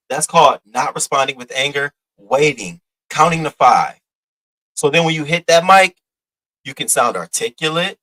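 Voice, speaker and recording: A man's voice: fairly high pitch, moderate pace, bright, forceful tone, poor audio. A man giving blunt, profane, mocking reaction commentary, lecturing his viewer in AAVE. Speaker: commentary host.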